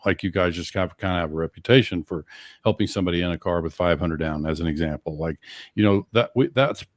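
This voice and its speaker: Very deep-voiced male podcast host. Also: a little fast, no echo. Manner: reflective, summarizing, hesitant restarts. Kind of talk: podcast interview.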